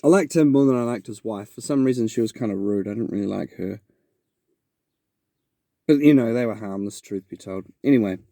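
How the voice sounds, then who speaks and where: Mellow-voiced New Zealand man rambling. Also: on the low side, fairly quick, creaky, dry recording. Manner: rambling and reflective, with many restarts. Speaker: podcast host. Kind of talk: casual storytelling monologue.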